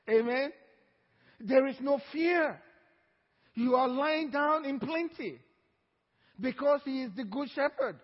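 A man with a very high voice preaches slowly, drawing out his words and asking the congregation to answer him. He is recorded in a church hall with long reverb, and the sound is dull and lo-fi. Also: slightly rough. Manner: preaching with call-and-response, drawn-out emphatic phrases. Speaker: pastor. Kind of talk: sermon.

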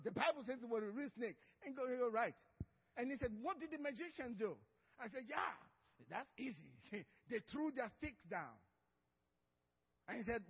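Husky-voiced laughing pastor, lo-fi. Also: male voice, extremely high pitch, in a large hall. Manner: storytelling, laughs often, acts out dialogue. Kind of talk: sermon.

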